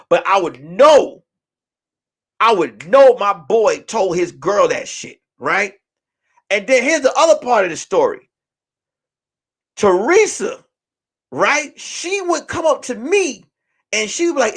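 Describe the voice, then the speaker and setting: A man from Brooklyn telling a funny story in street slang, swinging between shouting and hushed near-whispers. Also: high voice, big pitch swings, a little slow, long pauses, breathy edge. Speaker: host. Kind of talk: comedic storytelling.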